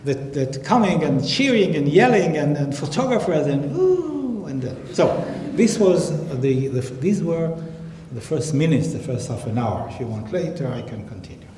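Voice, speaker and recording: A man on a public panel telling a story in an animated way, acting out phone calls in different voices. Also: on the high side, moderate pace, few pauses. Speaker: panel guest, scientist. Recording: echoey hall, faint noise.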